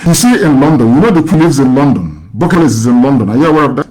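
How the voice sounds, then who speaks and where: A man's voice: medium pitch, very animated, rapid-fire, darkish tone, low-quality recording. A man from Nigeria hosting a call-in show, lecturing at length and firing rhetorical questions at the caller. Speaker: radio host. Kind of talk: casual call-in chat.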